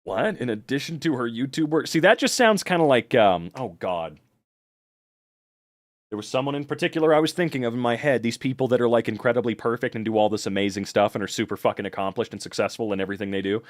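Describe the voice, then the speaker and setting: Male streamer, tired, casual chat, rambling, swears a lot, animated pitch, mid voice. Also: quick pace, no room sound, studio quality. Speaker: livestreamer. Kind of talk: casual livestream chat reading the chat.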